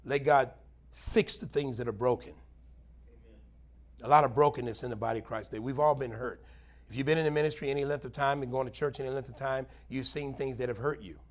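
A man's voice: medium pitch, steady tone, fairly quick. A man preaching a plain-spoken Bible teaching sermon, earnest and conversational, with emphatic bursts. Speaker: pastor.

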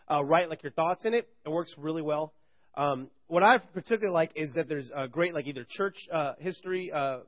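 Fast-talking high-voiced man preaching casually. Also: highs cut off. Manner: chatty, rambling, joking asides. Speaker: campus ministry preacher. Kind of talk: casual sermon to college students. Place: live campus worship gathering.

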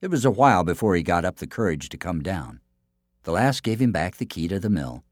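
Male storyteller, low voice, very lively delivery, dry studio sound. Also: a little fast, dry recording. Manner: expressive, hushed asides. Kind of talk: folk tale narration.

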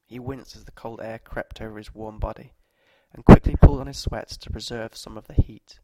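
A man narrating short stories aloud at a measured, steady pace. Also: lowish voice, very noisy.

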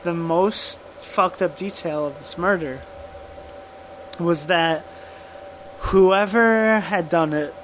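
A man co-hosting a podcast, telling a true crime case in casual profane chat, halting and laughing often. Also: fairly high pitch, a bit bright, slight background noise, low-quality recording. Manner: slow, halting, laughs often, drinking whiskey.

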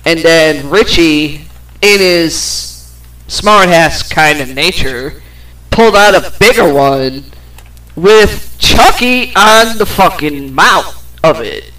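A woman's voice: sits low, expressive, slow, fairly bright tone, poor audio. A woman hosting a podcast, telling a personal story in a casual, rambling way with plenty of swearing. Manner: rambling, profane, with fillers and laughs. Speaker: podcast host.

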